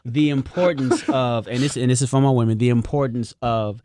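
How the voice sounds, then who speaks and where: A man's voice: mid-range voice, brisk, dark tone, no room sound. A man chatting casually as an interview guest on the radio, laid-back and slangy, often laughing.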